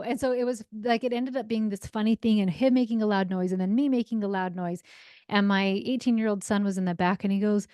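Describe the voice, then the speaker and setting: A woman in her forties talks as a parenting coach on her podcast, with a mid-pitched voice recorded close and dry. She is chatty and upbeat and checks in with "right?" as she goes. She slips into acted voices when telling stories about home life. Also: fast talker, a little mellow, clear, resonant tone, no room sound. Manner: acts out quoted voices in anecdotes. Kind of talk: solo podcast talk.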